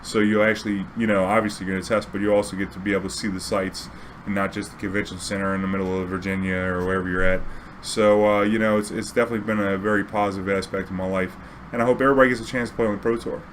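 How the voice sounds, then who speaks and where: A man telling a casual story, laid-back and slangy, lively when quoting himself. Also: lowish voice, very fast, slight background noise.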